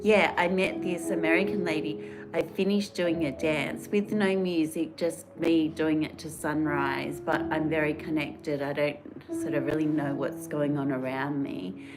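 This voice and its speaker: A woman chats on a livestream in a low, unhurried voice, rambling earnestly and answering viewer comments. Music plays clearly in the background. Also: steady tone. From Australia. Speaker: livestream host. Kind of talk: casual live-stream chat.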